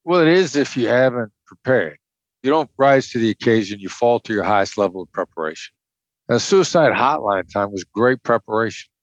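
A man's voice: medium pitch, animated, a little fast, dry recording, dull audio. An older man from the Midwest, a former hostage negotiator, explaining his techniques bluntly and emphatically in an interview. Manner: emphatic, blunt, repeats key points. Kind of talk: conversational explanation.

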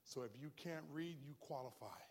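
A man preaching to a church congregation, his voice sitting a little high. He is impassioned and swings from hushed, close talk to loud, rising shouts. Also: a little fast, long reverb tail, noisy background. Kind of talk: sermon.

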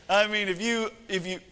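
A man's voice: high voice, sharp tone, slight background noise. A man in his thirties preaching a sermon, telling a family story in a folksy, joking, self-deprecating way. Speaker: pastor. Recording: echoey hall reverb.

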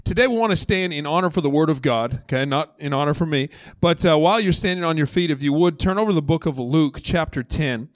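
A man's voice: on the high side, fast, no room sound. A man in his thirties, a lead pastor preaching a conversational sermon from a church stage. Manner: conversational and animated, acting out voices of the story.

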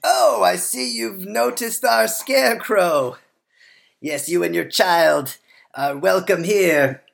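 A woman's voice: lowish voice, takes it slowly, gravelly, heavily acted. A woman doing a sly salesman farmer. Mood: salesy. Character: smug male farmer brother, showy fake humility. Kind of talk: comedy improv sketch.

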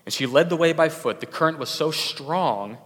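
A man's voice: on the high side, lively intonation, moderate pace, a bit bright. Man preaching in a reverberant hall. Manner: conversational, many fillers and restarts. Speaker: pastor. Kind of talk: sermon.

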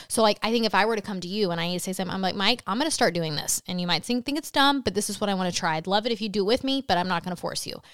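Woman, podcast co-host, casual chat, animated, mid pitch, dry close sound. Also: no room sound. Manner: animated, acts out quoted lines, frequent "like".

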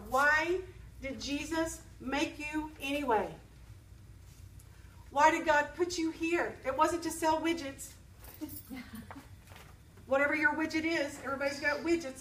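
A woman's voice: high-pitched, a bit bright, recorded from a distance. A woman preaching a sermon to a live group, emphatic, repeating key phrases and asking the audience questions. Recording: echoey room, speaker away from the mic.

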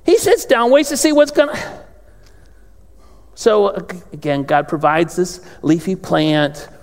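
A man preaching a sermon in a large church, his voice high with a rough, gravelly edge. He tells the story by acting out the characters' lines, swinging from quiet asides to loud outbursts. The sound carries a long reverb from the hall. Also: unhurried. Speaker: pastor. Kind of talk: sermon with acted-out Bible dialogue.

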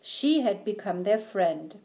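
A woman reading a children's storybook aloud in a gentle, measured way. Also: medium pitch, expressive. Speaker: narrator.

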